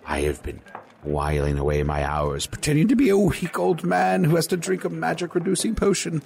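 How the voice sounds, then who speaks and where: A man plays a pompous wizard who declaims his many titles in archaic, old-fashioned speech. The voice swings widely in pitch as he boasts, rising into shouts when he vows to strike down his enemy. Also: very animated, moderate pace, vocal fry. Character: grandiose male wizard posing as weak old man. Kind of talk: comedic improvised fantasy role-play.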